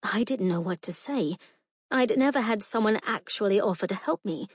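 Brief: female first-person audiobook narrator, earnest and emotional, mid-pitched, dry close mic. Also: lively intonation, normal speed, husky, no echo.

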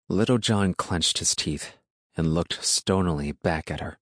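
A man reading a novel aloud as narrator, in a steady, measured storytelling manner. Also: sits low, no echo, clean studio sound. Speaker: audiobook narrator. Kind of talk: scripted narration.

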